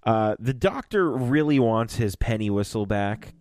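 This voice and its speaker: Chatty low-voiced man, dry sound. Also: lively intonation, a little slow, darkish tone, dry recording. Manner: chatty, laughs often, retells scenes in quotes. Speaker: podcast co-host. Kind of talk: casual chat recapping an audio drama.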